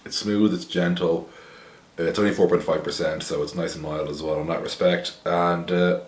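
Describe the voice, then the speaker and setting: An Irish man with a low voice talks through a beer tasting in a loose, rambling way. He is wry and blunt, with lots of fillers, and the room gives back a noticeable echo. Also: fairly even intonation, normal speed. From Ireland. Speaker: beer reviewer, host. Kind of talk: casual chat to camera.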